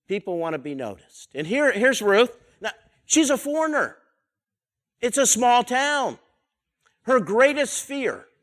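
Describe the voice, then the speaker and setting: A man with a slightly raised pitch leads a verse-by-verse Bible study. He talks conversationally, asking his listeners rhetorical questions and coming back to the same phrases again and again. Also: fairly bright tone. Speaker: Bible teacher.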